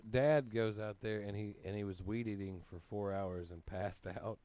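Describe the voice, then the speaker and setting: Low-voiced man telling crude stories. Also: steady tone, normal speed, dark tone, clean tone. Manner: swearing, joking storyteller. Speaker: podcast host. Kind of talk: crude casual banter.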